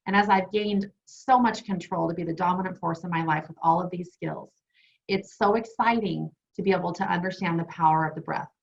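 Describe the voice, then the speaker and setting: A woman with a medium-pitched, gravelly yet fairly bright voice co-hosts a wellness webinar online. She's enthusiastic and talkative, sharing stories from her life while teaching. The video call audio sounds dull and lo-fi.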